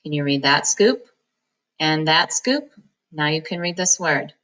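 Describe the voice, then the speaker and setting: A woman reading teacher giving a phonics lesson, slowly breaking words into syllables and sounds in a patient, encouraging manner. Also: sits low, lively intonation, fairly bright tone, poor audio.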